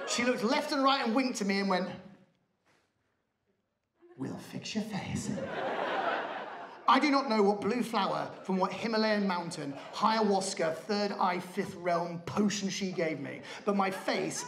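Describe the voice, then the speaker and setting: A man performing a stand-up comedy set on a theatre stage, telling a story with animated, shouted rants. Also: high voice, moderate pace, hardly any pauses. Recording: live theatre, audience laughter. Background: audience laughing.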